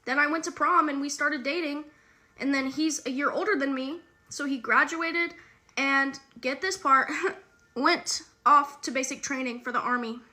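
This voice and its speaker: A woman's voice: high voice, fairly even intonation, moderate pace, bright, forceful tone. A young woman chatting candidly with the viewer in a casual storytime. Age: young adult.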